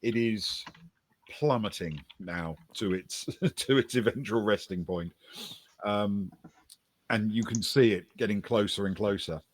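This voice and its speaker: A man narrating as game master of a tabletop role-playing game, telling the scene in a relaxed way with fillers and the odd chuckle. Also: fairly low pitch, measured pace, dry recording.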